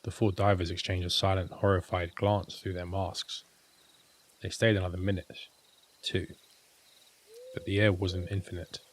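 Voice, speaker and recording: A man narrating a scripted horror story in a measured, grave, unhurried way. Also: low-pitched, level tone.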